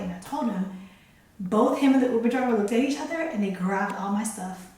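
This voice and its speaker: A woman's voice: medium pitch, expressive, brisk, darkish tone. Chatty woman in an echoey room. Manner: chatty, emotional, laughs often. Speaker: vlogger. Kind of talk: casual storytelling to camera. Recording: echoey room, distant mic.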